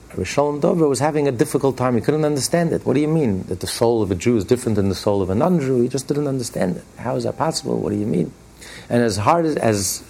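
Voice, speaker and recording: A male rabbi teaching a class, speaking at an ordinary middle pitch. He tells stories plainly and conversationally, and he drives his points home by repeating them with emphasis. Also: darkish tone. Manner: emphatic, repeats key phrases, rising on points; plainspoken, conversational storyteller with restarts. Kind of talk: spoken religious lesson with storytelling.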